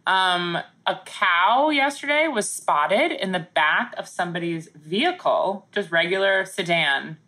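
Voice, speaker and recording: A woman co-hosting a podcast, her voice pitched slightly low but bright and forceful. She jokes constantly and laughs often in loose, casual conversation. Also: animated, measured pace, few pauses. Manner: jokey, laughs often, mock newscaster reading. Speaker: podcast co-host. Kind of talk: casual comedic chat.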